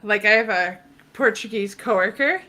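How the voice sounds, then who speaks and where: A woman with a Minnesotan accent chats casually as a co-host. Her voice is bright and sharp, at a mid pitch, and her manner is playful. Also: normal speed. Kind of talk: casual chat.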